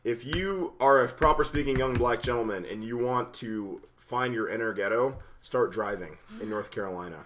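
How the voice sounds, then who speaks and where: A young man co-hosting a podcast, deadpan and low-key in casual chat. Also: moderate pace, hardly any pauses, a little hiss or hum. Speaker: podcast co-host.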